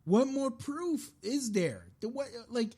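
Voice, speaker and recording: A man's voice: very high-pitched, big pitch swings, takes it slowly, warm tone. Man, podcast host, live-streamed rant, frustrated, profane, many restarts.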